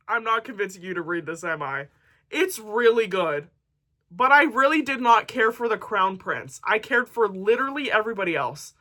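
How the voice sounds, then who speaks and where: A woman's voice: mid-range voice, lively intonation, moderate pace, pushed and bright. A woman book vlogger chatting casually to camera, reading book blurbs aloud with jokey asides.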